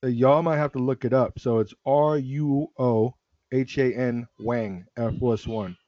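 A man hosting a casual sneaker chat, relaxed and rambling, often restarting his sentences. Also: medium pitch, unhurried, no echo, lo-fi sound. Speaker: sneaker podcast host.

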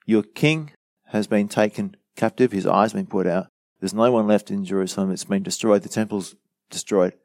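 Low-voiced man teaching a sermon. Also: darkish tone, no room sound. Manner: earnest, explanatory, quotes commentators and asks the listeners questions. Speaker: pastor.

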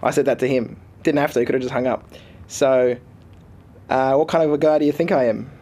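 A man's voice: medium pitch, fairly even intonation, fairly quick, warm tone. A man giving a comic, mock-philosophical account of what kind of guy he is. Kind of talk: comic self-description.

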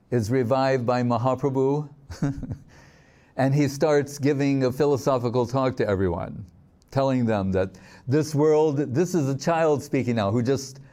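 A man giving a spiritual sermon, telling stories in a reflective, unhurried way and reciting verses. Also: medium pitch, darkish tone. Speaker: swami giving a spiritual talk.

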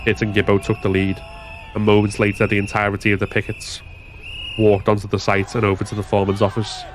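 Low-voiced male narrator. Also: completely flat delivery, quick pace, a little hiss or hum. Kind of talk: scripted narration.

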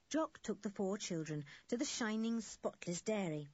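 A woman reads a children's storybook aloud, gentle and measured. Her voice is breathy and sits mid-range, and the recording is dry and dull, a little lo-fi. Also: medium pitch, lively intonation, dry recording. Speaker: audiobook narrator.

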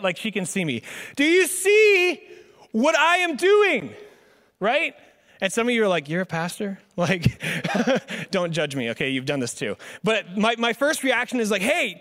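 A young man preaching a casual sermon as a pastor, joking and telling stories with lots of fillers. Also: high voice. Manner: joking, animated storytelling with many fillers. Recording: long hall reverb.

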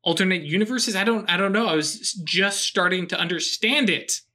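A man's voice: high voice, brisk, pushed and bright, pitched above the performer's own voice. A man voicing a dazed male mage who is obsessed and pleading. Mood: awestruck.

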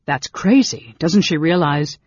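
A man's voice: mid-range voice, steady tone, moderate pace, slightly rough, dry recording. A man voicing a troubled, hot-tempered male half-elf warrior in an audiobook, urgent and protesting. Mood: agitated. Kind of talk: audiobook character reading. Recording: dull lo-fi recording.

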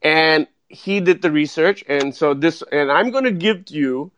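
A man giving animated speaking advice as a guest in a podcast interview, full of "right?" tag questions. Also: a little high, measured pace, clean tone. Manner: energetic, keeps asking "right?" and tacking on "though". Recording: dull lo-fi dry sound.

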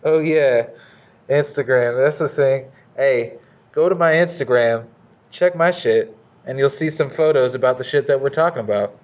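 A man's voice: mid-range voice, normal speed, darkish tone. Guy cohosting a chill podcast, rambly and slangy, cusses a bit, kinda muffled lo-fi sound. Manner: loose, rambling, slangy with cursing. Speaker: podcast co-host. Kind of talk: casual chat. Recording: dull lo-fi recording.

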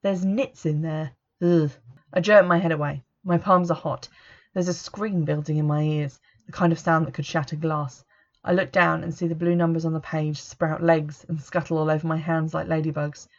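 Gravelly-voiced woman narrating. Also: low-pitched, little pitch movement, moderate pace. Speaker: audiobook narrator. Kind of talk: first-person audiobook narration. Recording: dull lo-fi recording.

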